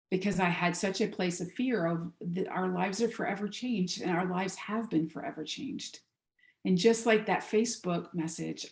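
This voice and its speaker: A woman giving a heartfelt spiritual talk over a video call, telling a story gently before leading a meditation. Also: on the low side, reverberant. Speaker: guest speaker.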